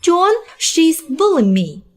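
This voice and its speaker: A woman's voice: extremely high pitch, very animated, takes it slowly, a little mellow, heavily acted. A woman voicing a cruel, spoiled young rich woman who taunts and mocks in a dubbed drama. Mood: taunting. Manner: taunting, mocking.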